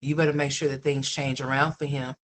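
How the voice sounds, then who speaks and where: A low-voiced woman hosts a ranting commentary stream, scolding bluntly and swearing freely, and she sometimes mocks others by imitating them in a higher voice. Her tone stays level and she speaks fairly quickly.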